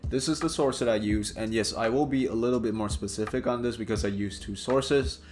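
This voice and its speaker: A man reviews gadgets in a loose, chatty way, circling back on himself with plenty of "like, you know." His voice sits a little low, and faint music plays behind him. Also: a little fast, a little mellow. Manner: chatty, rambling with filler phrases. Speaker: product reviewer. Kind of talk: casual product review.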